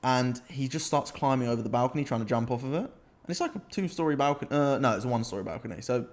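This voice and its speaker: A young man with a British accent, telling animated, laughing anecdotes as a podcast co-host. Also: medium pitch, fast talker. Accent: British English. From Britain. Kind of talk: casual storytelling chat.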